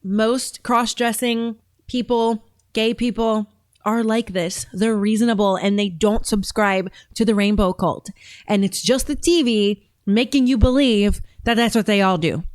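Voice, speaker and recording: A woman's voice: a little high, fairly even intonation, measured pace, no echo. A woman hosting a show and reacting to videos in a chatty, rambling way, often laughing. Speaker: host. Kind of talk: casual reaction commentary.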